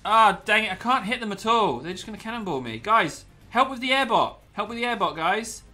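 A man's voice: high-pitched, expressive, fairly quick, bright, forceful tone, faint music behind. A young man commentating gameplay with a lot of energy, yelping, laughing and slipping into pirate growls.

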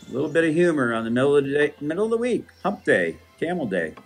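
A man's voice: fairly high pitch, big pitch swings, fast, breathy edge, faint music behind. A man hosting a school morning show, reading out announcements in a playful, jokey manner.

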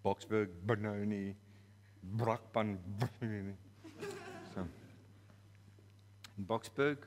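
Slow-talking South African preacher. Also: male voice, fairly low pitch, level tone, big-room sound, background noise. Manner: playful, laughs at his own story. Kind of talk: storytelling sermon. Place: church.

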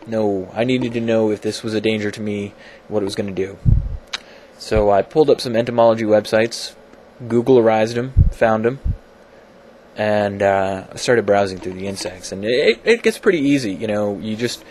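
A man's voice: fairly low pitch, normal speed, darkish tone, a little hiss or hum. A man talking casually in a science vlog from his home computer, rambling and self-deprecating, with many fillers and restarts. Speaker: video blogger.

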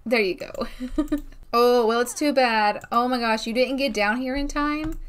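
A young woman hosting a gaming video, chatting excitedly through her gameplay with frequent exclamations. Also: on the high side, normal speed, smooth. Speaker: gaming channel host. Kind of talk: casual game commentary.

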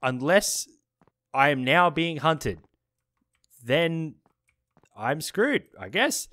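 Man, horror game commentary, jumpy, swears, bright voice, dry close mic. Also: a little high, very animated, extremely slow, no echo. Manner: jumpy, swearing, screams at scares; reads in-game notes aloud. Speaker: gaming streamer. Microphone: desk microphone.

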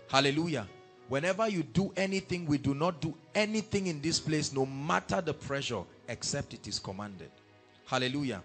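A man preaching a sermon, breaking in with hallelujah and rising to loud, emphatic scripture reading. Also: on the high side, slightly rough. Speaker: pastor. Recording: faint music behind.

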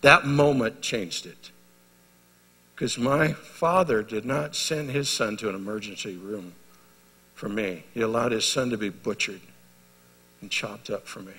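A middle-aged male pastor preaching a sermon, telling stories and moving from loud exhortation to hushed intensity. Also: fairly low pitch, a little slow, long pauses, slightly rough. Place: large hall at a men's retreat. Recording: live sermon in a reverberant hall.

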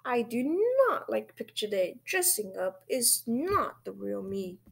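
A woman's voice: mid-range voice, very animated, a little slow, gravelly, noisy background. A woman voicing a boisterous young schoolboy in a children's storybook read-aloud. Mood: excited. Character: boisterous young schoolboy who hates dressing up.

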